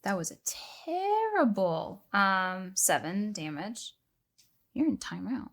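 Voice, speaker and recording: A woman's voice: mid-range voice, unhurried, gravelly, bright, forceful tone. A woman playing a tabletop role-playing game, chatting casually and reading out rules. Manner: chatty, reads rules aloud. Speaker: player.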